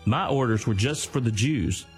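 A man's voice: medium pitch, moderate pace, husky, faint music behind, voice pushed up. A man voicing a menacing, furious German army major who speaks in clipped, threatening words.

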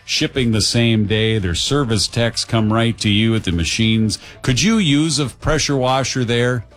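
A man's voice: mid-range voice, measured pace. A man hosting a radio show, bantering easily and reading sponsor spots. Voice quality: jokey, easygoing. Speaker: radio host. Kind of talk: morning radio banter with ad reads.

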